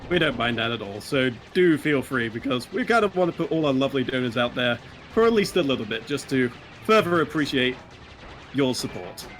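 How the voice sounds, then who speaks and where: A man's voice: mid-range voice, animated, fairly quick, a bit bright, a little hiss or hum. A man co-hosting a gaming stream, chatting casually and laughing along.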